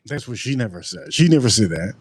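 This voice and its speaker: A man's voice: on the low side, fairly quick, husky, no room sound. Man rambling through a livestream, dry sound. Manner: rambling, joking, animated outbursts. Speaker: livestream host. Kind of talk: casual livestream drink review.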